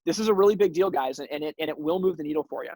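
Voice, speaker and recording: A man's voice: a little high, racing, darkish tone, no room sound, low-quality recording. A man hosting a sales training webinar, coaching his audience with energy and often repeating words as he starts a sentence. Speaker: webinar host.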